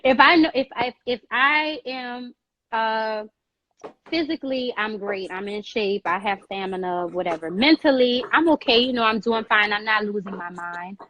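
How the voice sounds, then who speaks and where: A woman giving emphatic, preachy advice in an animated way, repeating phrases and calling the listener girl, on a live video call. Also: a little high, normal speed, lo-fi sound.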